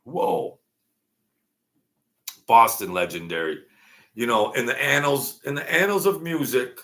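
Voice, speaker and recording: Slow gravelly man hosting late-night chat. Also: mid-range voice, sharp tone. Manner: rambling, reminiscing, jokey, with many fillers. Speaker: livestream host. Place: home.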